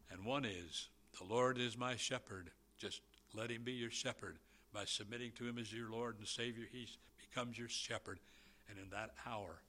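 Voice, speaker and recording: Bright-voiced man preaching a sermon. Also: mid-range voice. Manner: slow, emphatic preaching with rising and falling volume.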